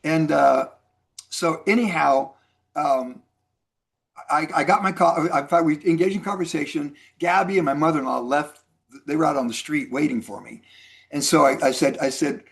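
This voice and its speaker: A man in his sixties tells a long personal story to his listeners, slipping into quick impressions of the people he met. His voice sits a bit higher than most men's. He talks in a relaxed, friendly, rambling way. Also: vocal fry. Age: 60s. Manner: chatty, animated storyteller acting out dialogue. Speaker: mentor speaker. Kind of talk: casual storytelling to a group.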